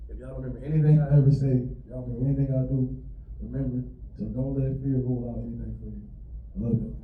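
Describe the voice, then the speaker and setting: A man's voice: medium pitch, fairly even intonation, racing, narrow, tinny audio, slight background noise. A man doing a stand-up comedy set for a live audience, telling a family story and laughing at his own punchlines. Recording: roomy, from a distance.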